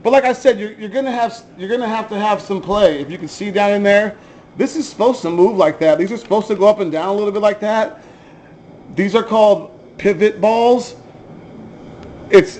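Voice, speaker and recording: A man's voice: sits high, darkish tone, a little hiss or hum, poor audio. A man giving a casual, chatty show-and-tell of his hobby cars, offhand and swearing now and then. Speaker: RC hobby vlogger.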